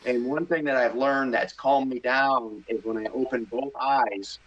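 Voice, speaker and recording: A middle-aged man from the Midwest telling a story in a casual interview, animated and excitable, acting out his own thoughts. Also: medium pitch, measured pace. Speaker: hunting show host, podcast guest. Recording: slightly dull podcast audio.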